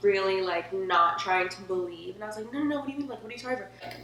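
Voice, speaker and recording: A woman's voice: medium pitch, fairly even intonation, racing, fairly bright tone. A young woman telling a personal story in a casual, emotional, chatty way, filling her talk with "like". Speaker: vlogger. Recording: echoey room with faint hum.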